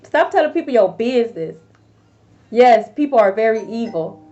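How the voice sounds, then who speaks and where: A woman giving a casual tarot reading to viewers, blunt and profane, with sudden loud outbursts. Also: fairly high pitch, expressive, normal speed, dull audio. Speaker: tarot reader.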